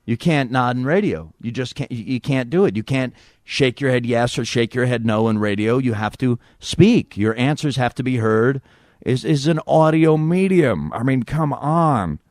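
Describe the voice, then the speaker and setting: A man's voice: medium pitch, lively intonation, darkish tone, no room sound. Joking male podcast host, dry studio sound. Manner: joking, rambling, breaks into quick impressions. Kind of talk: casual comedic podcast banter.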